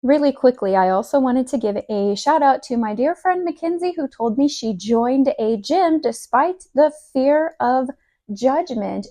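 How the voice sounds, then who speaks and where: Chatty cheerful mom vlogging, kinda high voice, pep-talk vibe. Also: female voice, lively intonation, unhurried, mellow. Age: adult parent. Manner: upbeat, encouraging, chatty. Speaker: lifestyle vlogger. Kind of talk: casual advice vlog.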